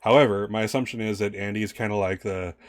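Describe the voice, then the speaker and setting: A man with a low voice runs a tabletop game for his players. He rambles through his scene descriptions with fillers and restarts, and the sound is dry and close. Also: steady tone, fast, no echo. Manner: rambling, many fillers and restarts, laughs often. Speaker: game master.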